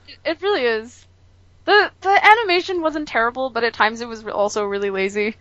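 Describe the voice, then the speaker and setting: A woman's voice: a little high, fairly quick, a bit bright, no echo, muffled recording. A woman co-hosting a podcast in casual chat, rambling with lots of fillers and the odd swear over a call. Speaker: podcast co-host.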